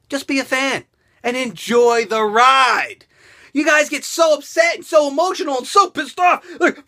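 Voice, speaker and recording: A man ranting in a profane, animated commentary vlog, talking straight to his subscribers. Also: very high-pitched, a little slow. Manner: addresses subscribers directly. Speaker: vlogger.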